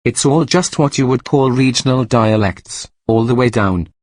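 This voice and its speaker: A man's voice: mid-range voice, normal speed, dry recording, close to an everyday voice. A man playing a courteous tentacled announcer being. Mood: matter-of-fact. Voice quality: calm, matter-of-fact, courteous. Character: polite tentacled otherworldly male announcer. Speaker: birthday announcer. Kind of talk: mock interview.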